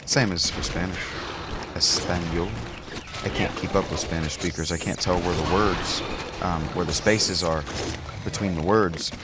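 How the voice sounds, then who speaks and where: A man with a lowish voice talks through his game in a loose, joking ramble, full of ums and uhs. A steady hiss of background noise sits under his voice. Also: normal speed. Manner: rambling, joking, many filler sounds. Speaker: gaming video host. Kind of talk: casual gameplay commentary.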